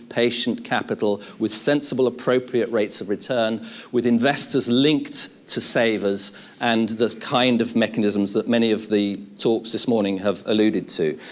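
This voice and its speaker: A middle-aged man giving an academic conference talk, lecturing in a measured way with lists and restatements. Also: mid-range voice. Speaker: conference speaker.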